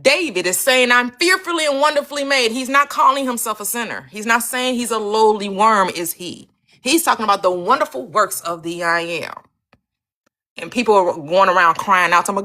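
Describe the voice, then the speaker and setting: Lively, bright-voiced woman preaching manifestation. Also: fairly high pitch, moderate pace. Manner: emphatic, repetitive, rhetorical questions. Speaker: manifestation teacher and channel host. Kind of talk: preachy motivational teaching. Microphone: live-stream.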